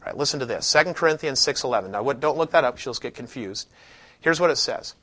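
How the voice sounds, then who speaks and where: A man's voice: mid-range voice, quick pace. A man teaching a scripture class in a casual, conversational way, stopping to restart sentences and leaning hard on points he wants to stress. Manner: conversational, with frequent restarts and lively emphasis. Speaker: Bible teacher. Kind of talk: classroom lecture with scripture reading.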